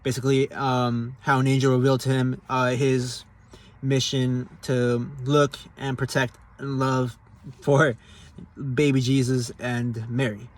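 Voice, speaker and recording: A man's voice: medium pitch, little pitch movement, unhurried. A man giving a casual spoken testimony about his faith, talking earnestly with casual slang and loose, restarting sentences. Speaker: Catholic giving a personal testimony.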